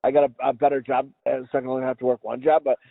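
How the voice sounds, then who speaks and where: A man's voice: medium pitch, level tone, fast, vocal fry, dry recording, phone-quality sound. A man on a podcast, telling a casual comedic story in a rambling, profane way with many restarts. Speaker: podcast co-host.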